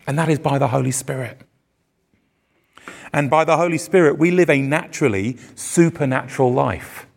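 Before a live congregation, a pastor preaches into a church microphone with a mid-range, darkish voice roughened by vocal fry. He is earnest and emphatic, his voice rising on the words he wants to drive home.

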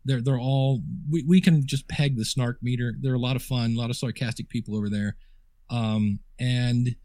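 A man's voice: mid-range voice, darkish tone, no room sound, clean studio sound. A man guesting on a podcast interview, telling chatty anecdotes full of quoted dialogue and fillers. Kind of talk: casual storytelling interview. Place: home office desk.

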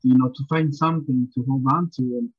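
A man's voice: mid-range voice, steady tone, brisk, husky, no room sound, dull audio. A man guesting on a podcast, chatting casually about a movie in a rambling way, often saying "you know.". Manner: rambling, repeats words and restarts, says "you know" often. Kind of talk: casual movie review chat.

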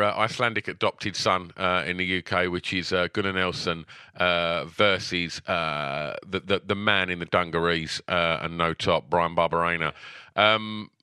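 A man co-hosting a podcast, talking casually in a halting way with many ums and some dry teasing. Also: deep voice, pushed and bright, clear, resonant tone, no echo. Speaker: podcast co-host. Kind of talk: casual chat.

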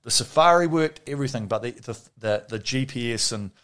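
A man's voice: mid-range voice, animated, a little fast, fairly bright tone. A man with a New Zealand accent telling stories in casual chat, rambling and laughing often.

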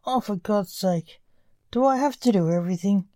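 A woman's voice: mid-range voice, moderate pace, mellow, no echo, clean studio sound, natural voice. A woman voicing a grim reaper, the soul of a dying man, who talks in an exasperated, scolding way. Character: grim reaper, a man's soul, impatient grumbler.

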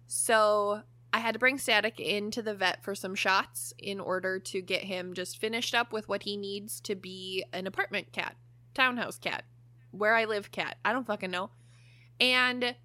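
Animated, swearing young woman telling a story. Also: mid-range voice, dry recording. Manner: animated, swears a lot, laughs often. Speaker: podcast co-host. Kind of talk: casual chat, storytelling.

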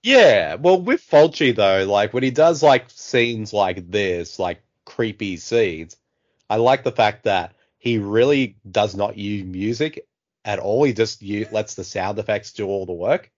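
A man's voice: lowish voice, animated, a little slow. A man casually chatting through a film as a commentary co-host, joking and making playful asides. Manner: jokey, playful asides with silly voices. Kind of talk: casual movie commentary chat. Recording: dull lo-fi audio.

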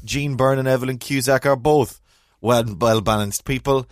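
An Irish man co-hosting a casual chat, talking in a rambling, deadpan and tangential manner. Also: medium pitch, normal speed, no echo, clean studio sound. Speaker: podcast co-host.

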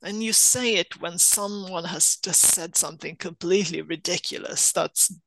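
A woman's voice: on the low side, moderate pace, vocal fry, fairly bright tone, slight background noise, poor audio. A woman from Sweden, talking casually as a guest on a podcast and laughing often. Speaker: guest correspondent.

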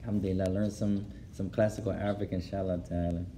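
A man teaches an Islamic lesson to a class, switching between English and Arabic and translating as he goes, repeating phrases for emphasis and laughing at his own stories. His voice is low, level and dark, he talks fast, and there's slight background noise.

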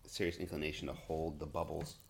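A man's voice: rumbling low, a little hiss or hum. A man hosting a podcast in casual chat, exclaiming and swearing freely. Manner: animated, swearing, quick to exclaim. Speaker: podcast host.

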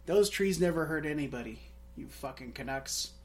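A man's voice: a little high, expressive, normal speed, darkish tone. A man co-hosting a casual film podcast, rambling through crude jokes. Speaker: podcast co-host. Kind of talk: casual comedic film chat.

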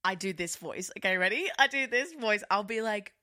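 A young woman co-hosting a casual podcast chat, animated and laughing, with lots of fillers. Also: mid-range voice, brisk. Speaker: podcast co-host.

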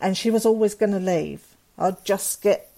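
A woman's voice: medium pitch, moderate pace, creaky, mellow. A middle-aged woman, a guest telling a personal story in a candid, earnest way with fillers and restarts. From England.

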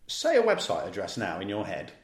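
A podcast co-host from Leicester, England, speaking with an East Midlands accent, tells a long anecdote in a lively, laughing, casual way, swearing now and then. His voice sits low and moves fairly quickly, and the sound is roomy.

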